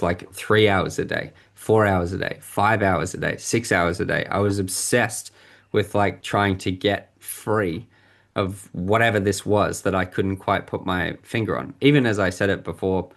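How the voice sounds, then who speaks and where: A man with a fairly low voice shares a candid story from his own life as a podcast guest. He talks reflectively, pausing and restarting as he searches for the right words. He is speaking into a podcast mic. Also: steady tone, gravelly, fairly bright tone.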